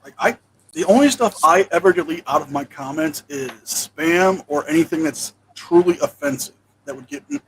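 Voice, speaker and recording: A man who runs his own channel, talking in an animated, emphatic way on a casual panel. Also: fairly high pitch, moderate pace. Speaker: content creator. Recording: noisy home mic.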